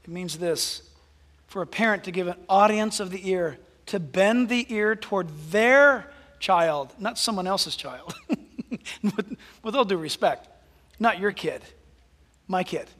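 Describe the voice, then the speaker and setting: A male pastor preaching a sermon, animated, dropping to hushed asides and rising to loud exclamations. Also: sits high, a little slow, big-room sound.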